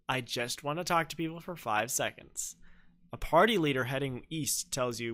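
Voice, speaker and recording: A man's voice: mid-range voice, normal speed, sharp tone. A young man livestreaming a game, chatting playfully and telling jokey stories with silly voices. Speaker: streamer. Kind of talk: livestream gameplay chat.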